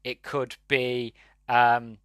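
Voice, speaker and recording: A man's voice: mid-range voice, flat delivery, drawn-out words, a bit bright, clean tone, no room sound. A man hosting a podcast, reviewing a movie in a rambling, exasperated way with laughing asides. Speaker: podcast host. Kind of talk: casual solo movie review.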